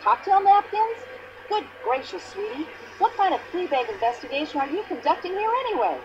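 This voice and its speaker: Bossy american widow, high and swoopy, kinda muffled game audio. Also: female voice, big pitch swings, brisk, noisy background. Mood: indignant. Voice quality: shrill, complaining, long-winded. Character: pushy older American widow, indignant.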